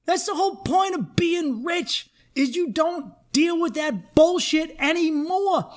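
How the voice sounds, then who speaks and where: High voice dude ranting and swearing on his comedy podcast, super emphatic. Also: takes it slowly. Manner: profane, worked-up, emphatic.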